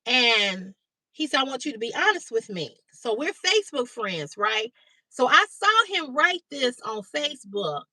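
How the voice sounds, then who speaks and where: A woman hosting a livestream, telling a story to her chat in a blunt, animated way, swearing freely and greeting viewers by name. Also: a little high, no echo. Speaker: livestream host. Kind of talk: casual storytelling to live chat. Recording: dry, slightly distant mic.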